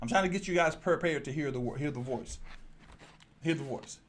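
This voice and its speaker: A pastor with a fairly high, brisk voice preaches a lively sermon, addressing his congregation directly while moving a handheld microphone around as he speaks.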